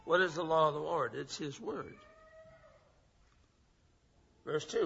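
A man's voice: fairly high pitch, unhurried, vocal fry, long pauses, sharp tone, breathy edge. A man preaching a sermon as pastor, teaching by asking and answering his own questions. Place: church sanctuary. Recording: dull long-reverb church hall recording.

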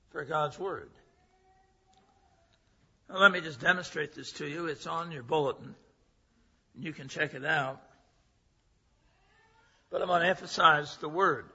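A male pastor preaching a sermon in a church sanctuary, speaking slowly with a slightly raised pitch. His voice is gravelly and husky, and he teaches by posing questions and answering them himself. The recording sounds dull, with a long hall reverb. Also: sharp tone.

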